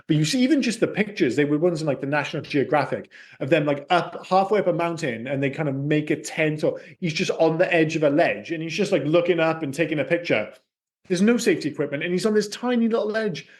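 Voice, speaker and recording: A man chats about films on a casual podcast, his voice sitting fairly high. He gets animated and sweary, and his pitch shoots up when something excites him. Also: fast. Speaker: podcast co-host. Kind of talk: casual film podcast chat.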